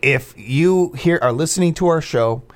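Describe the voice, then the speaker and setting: A man's voice: a little high, normal speed. Chatty radio host man in his forties. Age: 40s. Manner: chatty, loose, with frequent fillers and restarts. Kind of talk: casual on-air chat.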